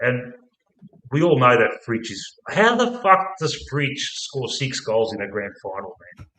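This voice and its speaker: An Australian man hosting a casual football podcast, blunt, sweary and excitable. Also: mid-range voice, a little slow. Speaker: podcast host. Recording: roomy echo.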